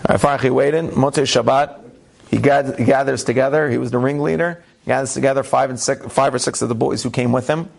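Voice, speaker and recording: A man's voice: mid-range voice, a little fast, gravelly. A man who is a rabbi, telling a story in a conversational way and acting out the quotes. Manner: animated, conversational, acts out the quotes. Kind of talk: storytelling talk.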